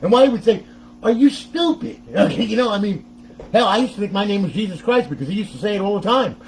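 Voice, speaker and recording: A man's voice: sits high, rapid-fire, poor audio. Chatty, laughing man hosting a tech tutorial. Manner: chatty, laughs often, talks to viewers. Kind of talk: casual step-by-step tech tutorial.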